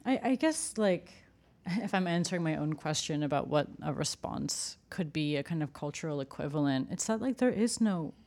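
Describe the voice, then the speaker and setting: A woman's voice: low-pitched, expressive, moderate pace, a little mellow. A woman journalist talking casually in a conversation, full of "like" and "you know". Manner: chatty, frequent "like" and "you know".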